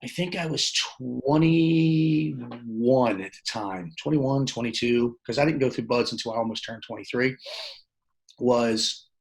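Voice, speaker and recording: A man's voice: mid-range voice, unhurried, gravelly, low-quality recording. A man telling his own story as a podcast guest, loose and plainspoken, acting out the lines of the people in it. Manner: animated, acts out quoted dialogue; plainspoken, loose phrasing with restarts. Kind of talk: casual storytelling interview.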